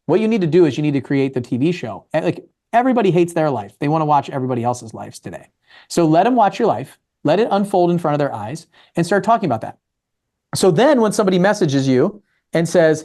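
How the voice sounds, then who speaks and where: A man's voice: a little high, very animated, quick pace, warm tone. A man from Maryland giving a casual real estate talk, acting out both sides of conversations with investors. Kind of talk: casual talk with acted dialogue.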